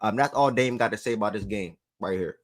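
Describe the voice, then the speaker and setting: Slangy low-voiced sports show host. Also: male voice, quick pace, dry recording. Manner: animated, repeats phrases for emphasis, slangy. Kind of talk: casual sports talk.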